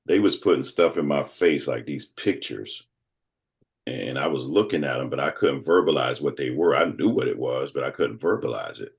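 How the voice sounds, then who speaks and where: A man in his fifties, a guest telling a personal story in casual conversation, animated and acting out other people's voices. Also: a bass voice, normal speed, creaky. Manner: animated storyteller who acts out quoted voices.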